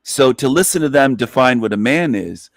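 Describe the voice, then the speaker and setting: A man's voice: mid-range voice, animated, normal speed, vocal fry, no room sound. Dry-voiced man ranting emphatically. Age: adult, past twenties. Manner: emphatic, profane, repetitive. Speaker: online radio host. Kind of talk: ranting monologue.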